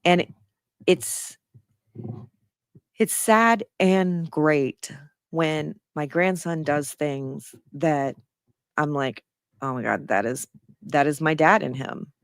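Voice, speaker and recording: A woman's voice: sits low, slow, pauses often, clean tone, no echo, studio quality. A middle-aged woman giving casual commentary on a news article she reads aloud, blunt and sarcastic and swearing freely.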